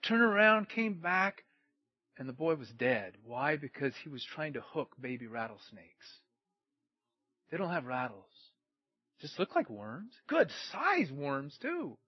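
Male preacher, high voice, dramatic loud-to-hushed delivery, dry muffled recording. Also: very animated, measured pace, husky, no echo. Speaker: pastor. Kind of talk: sermon.

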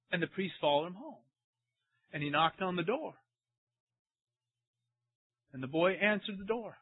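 Questions to the congregation punctuate this pastor's animated sermon, delivered in a fairly high-pitched male voice. The sound is tinny and phone-like, with no room sound.

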